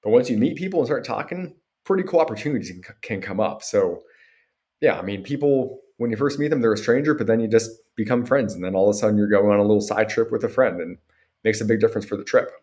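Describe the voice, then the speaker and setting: A man's voice: on the low side, quick pace. American man telling travel stories as a podcast guest. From Pennsylvania, USA. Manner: relaxed storytelling with acted-out quotes. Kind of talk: casual conversational interview.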